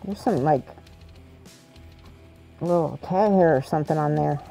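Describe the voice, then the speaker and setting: A woman's voice: sits low, measured pace, gravelly, mellow, soft background music. A woman hosting a livestream, chatting casually while she works, thinking aloud and laughing often. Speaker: livestream host painting models. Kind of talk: casual chat while working.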